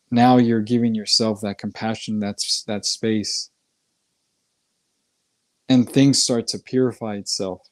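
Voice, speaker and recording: A man's voice: medium pitch, darkish tone, no room sound. A man co-hosting a casual talk about meditation practice, earnest and rambling, often restarting his sentences. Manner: earnest, rambling with restarts and acted inner voices. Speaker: podcast co-host. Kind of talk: casual spiritual discussion.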